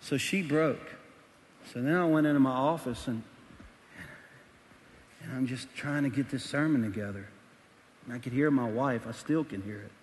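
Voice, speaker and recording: Pastor telling a story in a big reverberant hall. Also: male voice, medium pitch, a little hiss or hum. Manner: candid storytelling, acts out voices in bursts. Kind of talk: sermon.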